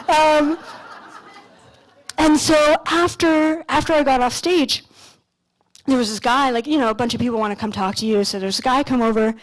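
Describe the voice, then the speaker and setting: A woman in her thirties, from Canada, speaks from a stage at an expo in a slightly high voice. She tells stories in a loose, animated way, peppering them with "like" and the occasional swear word, then slows down to address the crowd directly. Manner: casual, animated storytelling with frequent "like" and mild swearing. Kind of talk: motivational stage talk with storytelling. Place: stage at a large expo hall.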